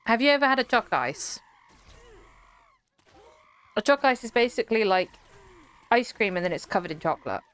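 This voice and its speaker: A woman's voice: fairly high pitch, very animated, moderate pace, pauses often, fairly bright tone, clear, resonant tone. A young woman streaming, chatting casually with her live chat in a rambling, giggly way.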